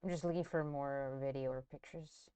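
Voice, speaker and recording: A woman's voice: rumbling low, steady tone, moderate pace, mellow, clean tone, dry recording. A woman streamer giving casual, sarcastic commentary on news clips, swearing freely. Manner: blunt and profane, sarcastic asides.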